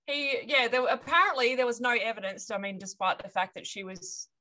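A woman's voice: on the high side, fairly quick, a crowd in the background. A woman co-hosting a casual podcast, telling a story with wry asides and frequent laughter.

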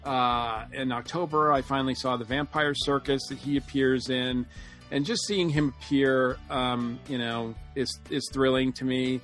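A man co-hosting a podcast, speaking casually with many halting ums. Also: medium pitch, fairly even intonation, a bit bright, soft background music. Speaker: podcast co-host. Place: Atlanta area.

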